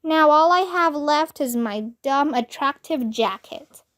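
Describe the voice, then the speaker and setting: A woman reading a children's book aloud in a slow, expressive storytelling manner. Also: sits high. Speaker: storybook reader.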